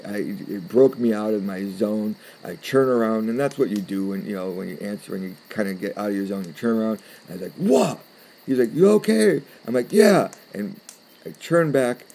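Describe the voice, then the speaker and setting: A man with a low, mellow voice tells his own story straight to his viewers. He talks bluntly, swears all the time and keeps repeating himself as he goes. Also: poor audio. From California. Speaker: channel host telling a personal story. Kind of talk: casual first-person storytelling.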